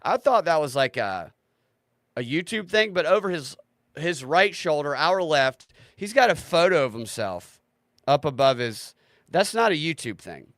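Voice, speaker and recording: A man's voice: a little high, sing-song, measured pace, fairly bright tone, no room sound, clean studio sound. A man hosting a livestream, talking casually in a sarcastic, ranting way and swearing freely. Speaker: livestream host.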